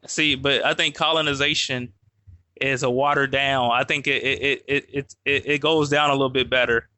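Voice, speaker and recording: Bright-voiced blunt podcast host man. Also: mid-range voice, steady tone, normal speed, no echo. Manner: blunt, questioning, repeats himself. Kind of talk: casual podcast conversation.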